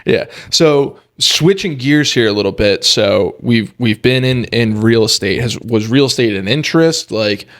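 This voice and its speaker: A man hosting a podcast interview, relaxed and jokey, with quick interjections. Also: mid-range voice. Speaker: podcast host. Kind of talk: casual interview.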